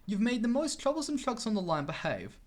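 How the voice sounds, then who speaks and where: A man's voice: high-pitched, very animated, a little fast, voice pushed up. A man voicing a stern but kindly portly male railway boss who speaks formally.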